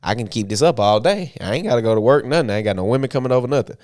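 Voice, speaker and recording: A young man on a podcast, telling a story in a casual, animated way, laughing often and using heavy slang and profanity. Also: mid-range voice, rapid-fire, no room sound. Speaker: podcast co-host.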